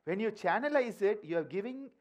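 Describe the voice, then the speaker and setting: A man with an Indian English accent teaches a yoga workshop group in a high, lively voice. He is playful and animated, often tossing a quick "huh?" to the room. His talk moves between stories and prompts to the group. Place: workshop hall.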